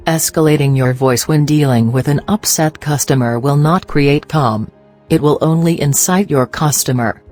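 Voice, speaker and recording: Scripted narration, steady instructive reading, middle pitch, soft music underneath. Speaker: narrator of a training video.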